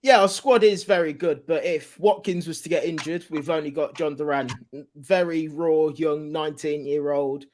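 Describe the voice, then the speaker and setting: A man's voice: on the high side, fairly even intonation, moderate pace, hardly any pauses, darkish tone. A man on a football podcast panel, chatting casually and hedging his opinions, often restarting his sentences. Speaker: podcast panelist, club fan. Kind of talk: casual chat.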